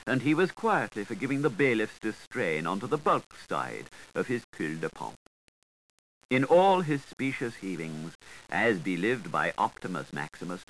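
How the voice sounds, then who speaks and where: A man's voice: mid-range voice, fairly bright tone, slight background noise, low-quality recording. Man reading dense wordplay with theatrical lilt. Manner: dense wordplay read with theatrical, sing-song intonation. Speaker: reader. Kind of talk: literary reading.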